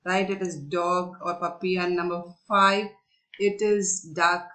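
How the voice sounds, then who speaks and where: Slow, patient teacher. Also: female voice, fairly low pitch, little pitch movement, a bit bright, low-quality recording. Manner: explains patiently, asks and answers her own questions. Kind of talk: classroom story lesson.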